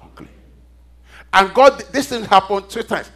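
Guy preaching a sermon, pretty high voice, keeps asking the crowd "what?" and getting answers, emphatic. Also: moderate pace. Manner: call-and-response questions to the congregation; emphatic, animated.

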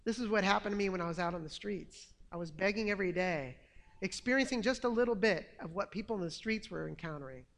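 A man's voice: high-pitched, quick pace, vocal fry, big-room sound. Earnest man telling his testimony. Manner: earnest, animated storytelling. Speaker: testimony speaker. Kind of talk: personal testimony story.

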